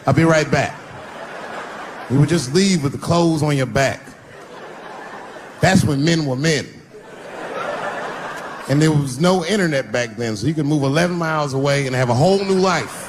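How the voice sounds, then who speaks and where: A man's voice: on the high side, normal speed, long pauses. A man performing a stand-up routine, telling stories with sudden yelps and drops in his voice, on a noisy live stage recording. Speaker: stand-up comedian.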